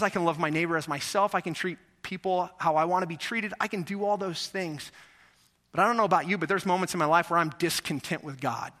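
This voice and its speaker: Bright-voiced animated preacher man. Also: sits high. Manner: animated, acts out voices, asks the audience questions. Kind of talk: sermon. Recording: echoey hall reverb.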